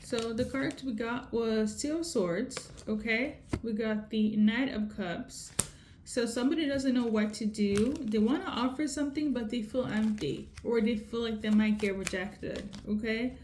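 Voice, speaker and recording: A woman's voice: on the high side, unhurried, darkish tone. A woman giving a casual tarot reading, talking straight to viewers and checking in with a frequent "okay?". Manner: repeats "okay?" often, conversational. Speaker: tarot reader. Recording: echoey room with faint noise.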